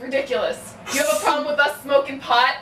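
A woman's voice: sits high, steady tone, a little fast, pushed and bright. A woman playing a fed-up wife who scolds and swears at her husband. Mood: accusing. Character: fed-up, sharp-tongued wife. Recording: roomy, distant home-video sound with faint noise.

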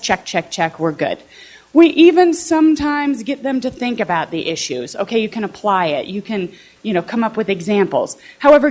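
A woman professor from southern Illinois giving a conversational talk to fellow teachers, often checking in with the audience. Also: medium pitch. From southern Illinois, USA. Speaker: political science professor.

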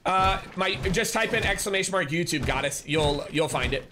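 A man's voice: a little high, animated, normal speed, background noise. A man live-streaming, chatting casually and rambling as he answers viewers and thanks them. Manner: rambling, restarts often, reads chat aloud.

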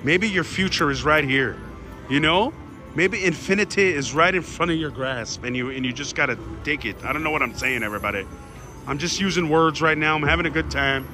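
A man in a casino, calling out his slot spins to viewers with excited shouts and groans. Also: a little high, brisk, over music. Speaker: slot machine vlogger. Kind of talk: excited live slot commentary. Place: casino floor.

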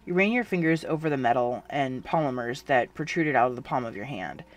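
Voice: mid-range voice, lively intonation, a little fast. Narrator reading fan fiction aloud.

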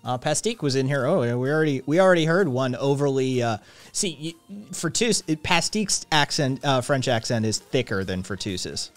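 A man's voice: medium pitch, animated, brisk, faint music behind. A man hosting, sarcastic and profane. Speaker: stream host. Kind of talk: casual chat.

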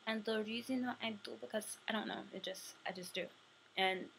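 A young woman chatting casually to camera, answering questions for a tag video, sometimes dropping to a soft murmur. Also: medium pitch, steady tone, unhurried, slight background noise, poor audio. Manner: chatty, drifting between soft murmurs and bright bursts.

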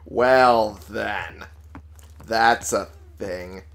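A man's voice: fairly low pitch, very slow, vocal fry. Sarcastic, profane gamer guy. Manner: sarcastic, profane, talks back to game characters. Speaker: let's play gamer. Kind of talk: casual gameplay commentary.

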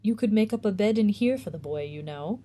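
Woman reading as a quiet mysterious graveyard guy, calm and mellow. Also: mid-range voice, fairly quick, lightly acted. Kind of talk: storybook reading.

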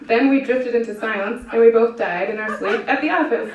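Woman, live story reader, wry deadpan delivery, fairly high voice, echoey venue. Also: a little fast, noisy background. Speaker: reader at a literary event. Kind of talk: live reading of short stories. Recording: dull, echoey room from far off.

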